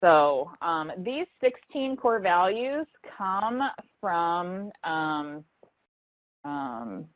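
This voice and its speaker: A woman's voice: fairly low pitch, expressive, drawn-out words, no room sound, low-quality recording. A woman trainer running a live online training session, talking conversationally and reading chat comments aloud with frequent ums.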